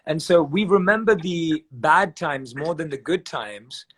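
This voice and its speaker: A man on a live video call giving measured advice, walking through examples step by step and repeating phrases for emphasis. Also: on the high side, expressive, a bit bright, slightly rough. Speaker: guest speaker on meditation. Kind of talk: calm explanatory advice on a live video chat.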